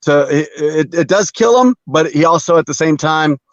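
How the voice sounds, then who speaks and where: A man as a guest in a casual chat about comics, talking haltingly with many fillers and frequent chuckles over a video call. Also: a little high, expressive, no echo. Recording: dull dry video call audio.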